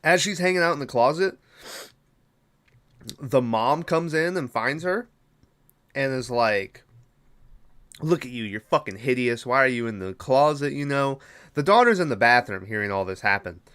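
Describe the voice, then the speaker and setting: A man's voice: medium pitch, expressive, moderate pace, pauses often, fairly bright tone. A young man hosting a podcast, casually retelling a horror film's plot with lots of swearing, fillers and quoted lines. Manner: rambling, profane retelling with fillers. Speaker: podcast host. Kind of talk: casual movie recap.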